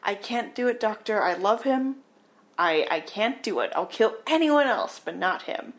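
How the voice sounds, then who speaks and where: A woman's voice: medium pitch, expressive, normal speed, close to an everyday voice. Woman doing a young woman in a jam, urgent, pleading. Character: Nora, young woman torn between love and murder.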